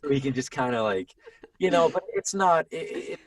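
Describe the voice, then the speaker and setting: A man's voice: fairly high pitch, animated, fairly quick, a little hiss or hum. A man in his thirties, a voiceover actor, chatting as a podcast guest, rambling with frequent restarts. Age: 30s. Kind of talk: casual conversation. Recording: dry sound, a bit distant from the mic.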